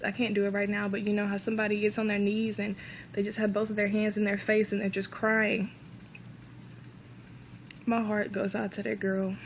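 A woman's voice: mid-range voice, a little hiss or hum, low-quality recording. A woman earnestly telling a personal faith testimony, emotional and close to tears, often repeating herself. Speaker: vlogger.

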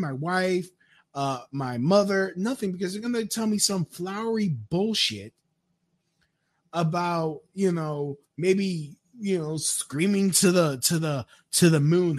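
A man's voice: high voice, expressive, unhurried. A man giving a crude, rambling rant, with frequent stammered restarts. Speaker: commentator. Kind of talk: profane rant commentary.

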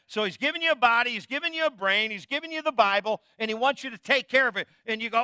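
Bright, high-voiced man preaching a sermon. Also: fast talker, hardly any pauses, clean tone, no echo, studio quality. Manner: conversational, jokey preaching with call-and-response. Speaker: pastor.

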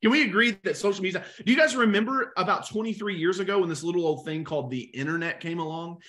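A young adult man coaching insurance agents in a live webinar, energetic and talking straight to the chat. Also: high voice, quick pace. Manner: energetic, animated, talks to the chat.

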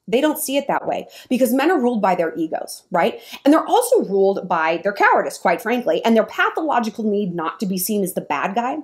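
A woman's voice: medium pitch, sing-song, fairly quick, hardly any pauses. A woman vlogger giving frank, opinionated dating advice in an emphatic talk to the camera. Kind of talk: monologue to camera.

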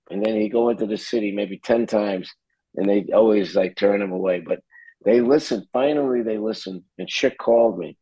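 A man from New Jersey, a guest musician in an interview, telling an animated story and acting out what others said. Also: fairly low pitch, moderate pace, husky, no room sound, poor audio. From New Jersey, USA. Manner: animated storyteller who acts out quotes.

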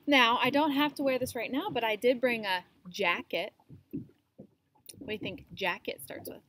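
A woman teaching young children the beginning sounds of words, slowly sounding out each letter and praising them. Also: mid-range voice, a bit bright, slight background noise, poor audio. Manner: slow, encouraging, sounds out letters. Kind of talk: phonics lesson for young children.

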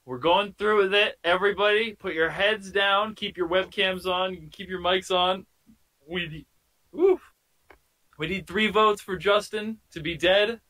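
Bright-voiced playful man moderating a game. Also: high-pitched, fairly even intonation, poor audio. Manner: playful, theatrical, drawn-out announcements. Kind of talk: moderating a video-call party game. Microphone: video call.

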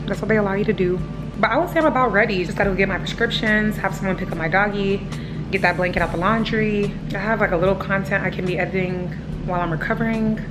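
A young woman with a drawl vlogs from her home, talking straight to the camera in an excitable, chatty way. Her voice sits at an ordinary middle pitch, and it comes through her handheld phone. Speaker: vlogger. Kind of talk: casual vlog chat.

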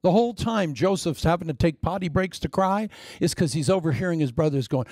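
A middle-aged man preaching a sermon, telling stories in an animated way. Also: fairly high pitch, fairly quick, no room sound, clean studio sound.

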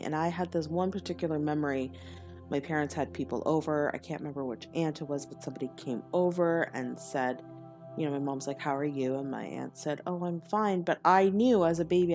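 Low-pitched woman talking about her life, earnest and open, faint music behind. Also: darkish tone. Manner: earnest and confessional, laughs often. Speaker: spiritual teacher. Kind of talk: personal storytelling monologue.

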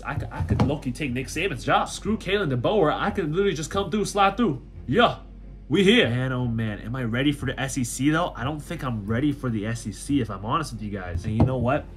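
A young man giving loud, jokey commentary over a football video game, full of slang and sudden shouts. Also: mid-range voice, sing-song, quick pace, music in the background. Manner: hyped, jokey, shouts often, slangy with "you know what I'm saying". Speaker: gaming YouTuber. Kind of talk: energetic gameplay commentary.

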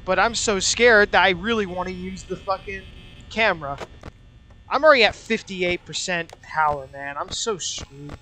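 Talking nonstop through his fear, this young gaming channel host swears and mutters his way through a horror game let's-play, a mask covering his mouth. He speaks at a normal speed in a sharp, high-pitched voice, with a little hiss or hum in the background.

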